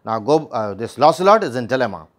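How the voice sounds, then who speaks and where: A man's voice: medium pitch, sing-song, fast talker. A man teaching a play line by line, reading each passage and then restating it in plain words. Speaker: literature teacher.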